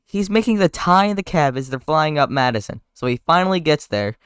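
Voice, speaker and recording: A man's voice: on the high side, lively intonation, a little fast, fairly bright tone, clear, resonant tone, no echo, studio quality. Casual man reading a script aloud. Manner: casual, stumbles over words. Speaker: streamer. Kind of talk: live reading of a movie script.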